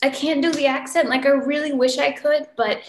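Lively woman, echoey room. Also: high voice, brisk. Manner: animated storyteller, acts out quotes. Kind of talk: casual chat. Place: Munich.

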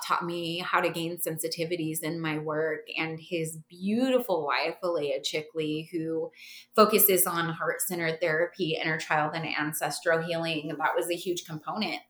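A woman with a lowish voice tells her story as a podcast guest and acts out what others said. She talks in a lively, laughing way, and a roomy echo hangs around her words. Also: normal speed, slight background noise. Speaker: podcast guest, massage therapist.

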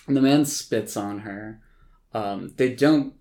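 A podcast host with a fairly low voice walks through a film's plot in a loose, casual way. His talk rambles and is filled with likes and ums, with the odd swear word. He sounds conversational rather than scripted. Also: slow, warm tone. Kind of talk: casual film recap.

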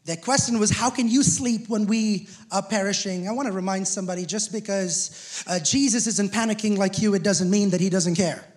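Male pastor, sermon, very high voice, animated, climbs to shouts, questions the crowd. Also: fairly quick. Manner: animated preaching, rising to shouts; asks the congregation questions.

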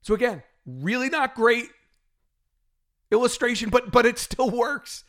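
A middle-aged man hosting a solo fitness podcast, talking in an animated, exasperated rant with frequent laughs. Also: very high-pitched, unhurried. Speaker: podcast host and fitness trainer.

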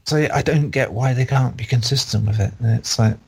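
A man's voice: medium pitch, fairly quick, breathy edge. A man reviewing games in a casual, rambling and opinionated chat. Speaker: game reviewer on a podcast.

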